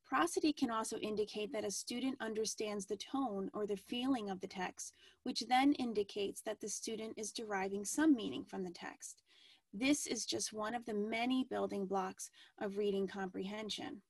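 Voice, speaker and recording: A woman teacher presenting an educational webinar in a measured way, with frequent ums and restarts. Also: mid-range voice, husky, no echo.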